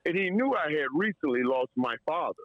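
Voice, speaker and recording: A man's voice: on the high side, expressive, a little fast, no room sound, phone-quality sound. A man telling a story in casual chat, emotional and tearing up, stumbling over repeated words and laughing often. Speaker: guest storyteller.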